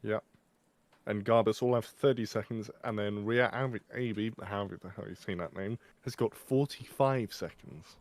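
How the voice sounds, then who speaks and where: A man's voice: on the low side, moderate pace, no room sound. A man co-commentating on an online sim race, dry and matter-of-fact. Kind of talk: live esports race commentary.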